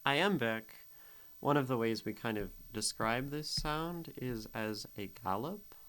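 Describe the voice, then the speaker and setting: A man's voice: mid-range voice, a bit bright, rough recording. A man streaming as a poetry critic, thinking aloud in a casual way and sounding out rhythms and syllables as he reads lines. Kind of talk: casual livestream poetry analysis.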